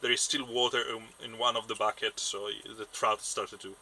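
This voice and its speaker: A man running a tabletop game as game master, narrating what happens in a halting, stop-start way. His voice is very bright and tense. He restarts his phrases often. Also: fairly low pitch, flat delivery, poor audio.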